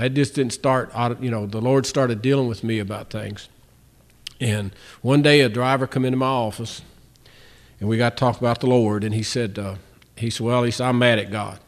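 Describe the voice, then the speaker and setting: A man with a drawl gives a Christian testimony in plain, folksy speech. He tells his stories by acting out both sides of each conversation, often restarting his sentences as he goes. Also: mid-range voice. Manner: storytelling, acts out both sides of dialogues. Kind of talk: spoken testimony.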